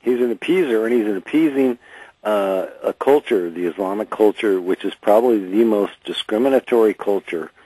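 A man calling into a radio show, speaking haltingly with many hesitations. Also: on the low side, husky, no room sound, low-quality recording. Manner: halting, many fillers, then steady argument. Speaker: radio caller. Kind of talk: earnest call-in opinion.

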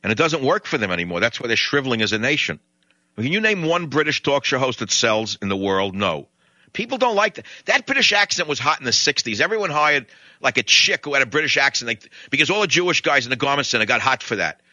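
A man's voice: mid-range voice, sing-song, quick pace, bright, forceful tone, no room sound, highs cut off. An older man with a New York accent, giving a blunt, rambling talk radio monologue. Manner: blunt, ranting, digressive.

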